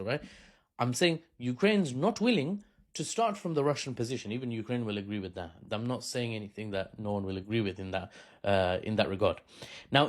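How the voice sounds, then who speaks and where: A man delivering an opinionated political commentary in a loose, conversational way. He argues his points directly and keeps throwing in rhetorical asides to the listener. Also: mid-range voice.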